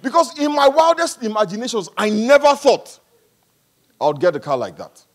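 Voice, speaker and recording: A very high-pitched male pastor preaches at a moderate pace during a church service. He's animated and humorous, swinging from quiet remarks to booming passages.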